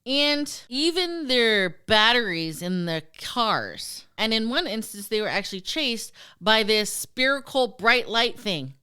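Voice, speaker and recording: Woman podcast host, bright and smooth, swings her pitch a lot, swears freely. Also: unhurried, few pauses. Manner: animated, profane, acts out quoted voices. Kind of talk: casual storytelling chat.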